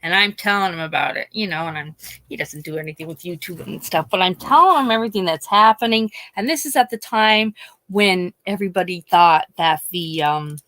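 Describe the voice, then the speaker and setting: A woman from Pennsylvania, a YouTuber, chatting casually and telling a story in a rambling, animated way with many restarts. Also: lowish voice, brisk, no room sound. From Scranton, Pennsylvania. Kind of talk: casual chat.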